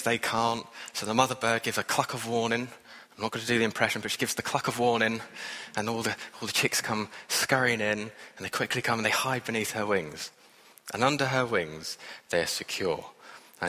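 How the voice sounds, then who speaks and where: A man preaching a sermon with a lowish, bright, forceful voice. He speaks earnestly and conversationally, with wry asides. His words ring out with the long reverb of a church hall.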